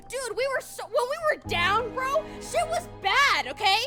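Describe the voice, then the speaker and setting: Young woman streamer, very high and bright, lively storyteller with mock outrage and giggles; faint music underneath. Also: slow. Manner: animated storytelling, laughing, swearing, mock outrage. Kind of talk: casual stream recap chat.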